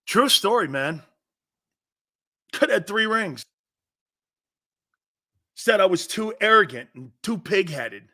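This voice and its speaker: A man's voice: slow, long pauses. A middle-aged man hosting a sports talk show, telling stories bluntly and with a lot of energy. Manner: animated, blunt storytelling with swings in pitch and loudness.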